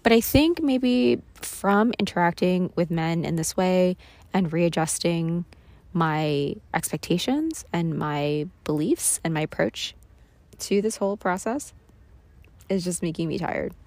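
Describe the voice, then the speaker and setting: A woman's voice: fairly low pitch, lively intonation, measured pace, a little mellow, dry recording. A tired woman hosting a solo podcast, talking candidly and self-deprecatingly, swearing and laughing often. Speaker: podcast host. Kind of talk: confessional solo podcast monologue.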